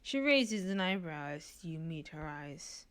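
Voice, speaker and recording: A woman's voice: sits low, very animated, a little slow, a bit bright, clear, resonant tone. A woman reading a story game aloud with giggly asides between the lines.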